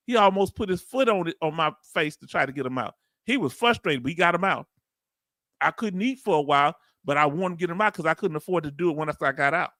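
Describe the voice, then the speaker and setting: With a high-pitched, pushed and bright voice, an American YouTube host in middle age reads comments during a laid-back live stream about a hearing. He jokes around and calls viewers family; the audio is dry and studio-clean.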